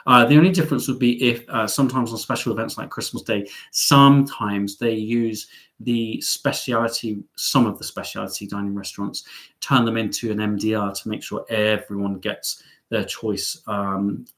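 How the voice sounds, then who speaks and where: Chatty man hosting a live Q&A. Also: moderate pace. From Devon, England. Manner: chatty, reads out viewer comments and answers them; lively and playful, with big jumps up in pitch. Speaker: travel vlogger hosting a live stream. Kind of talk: live stream Q&A chat.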